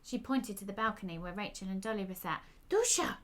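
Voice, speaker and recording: Woman storyteller reading her own chapter, wry and chatty, middle pitch. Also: steady tone, fast, a bit bright.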